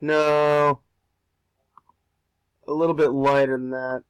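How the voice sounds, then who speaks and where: Young man, higher voice, casual talk while drawing, rambling, swearing, dry close sound. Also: level tone, takes it slowly, smooth, no room sound, low-quality recording. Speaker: art streamer.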